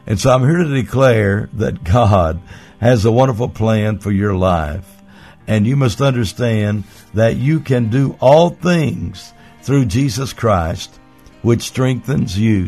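Folksy low-voiced preacher man. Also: takes it slowly, a little mellow, faint music behind. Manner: folksy, piles up synonyms, chuckles while telling. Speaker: preacher telling a childhood story. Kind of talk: storytelling sermon.

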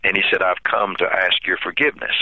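A man who is a pastor, telling his own story in an interview, halting and earnest, repeating words and restarting often. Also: deep voice, fairly even intonation, creaky, pushed and bright, no echo. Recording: tinny phone-line sound.

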